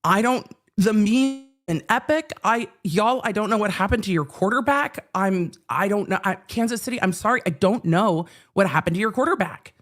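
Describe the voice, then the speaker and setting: A woman in her forties, a hoarse live-stream legal commentary host who talks in a chatty, animated way and repeats herself for emphasis. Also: medium pitch, brisk, few pauses. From California. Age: 40s. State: hoarse, under the weather.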